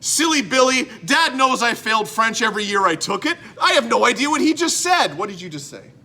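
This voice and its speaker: A man's voice: very high voice, very animated, brisk, pushed and bright. A man hosting a comedy talk show, goofy and over the top. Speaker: host.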